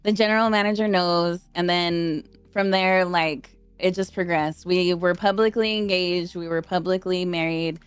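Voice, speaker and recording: A woman's voice: lowish voice, fairly even intonation, normal speed, few pauses, clean tone, no room sound. Chatty woman telling stories. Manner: chatty, rambling storyteller. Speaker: podcast guest. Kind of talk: casual chat.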